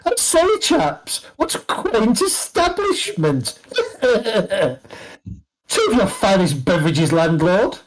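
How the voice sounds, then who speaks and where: A man's voice: high-pitched, very animated, slow pace, voice pushed up, heavily acted, rough recording. Man putting on a posh, snooty aristocrat. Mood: haughty amused. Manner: plummy, affected, laughing.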